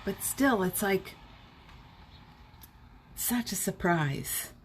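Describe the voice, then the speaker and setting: A woman's voice: mid-range voice, animated, extremely slow, slight background noise. A middle-aged woman hosting a casual morning live stream from home, cheerfully greeting viewers by name and chatting. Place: home indoors.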